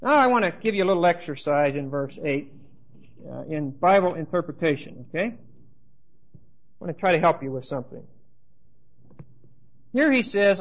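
A man teaching a Bible class, explaining slowly and checking in with his listeners with "right?" and "okay?". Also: on the high side, lively intonation. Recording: dull lo-fi lecture recording.

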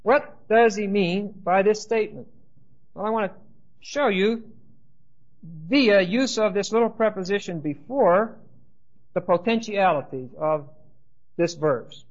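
A man teaching a Bible class, explaining slowly and checking in with his listeners with "right?" and "okay?". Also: sits high. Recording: dull lo-fi lecture recording.

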